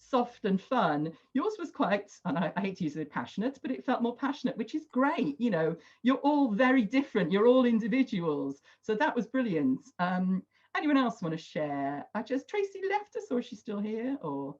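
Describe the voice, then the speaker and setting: A woman's voice: medium pitch, very animated, normal speed, few pauses, darkish tone. A woman facilitating an online workshop on a video call, chatty and encouraging, with lots of "sort of" hedges. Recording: dull lo-fi video call audio.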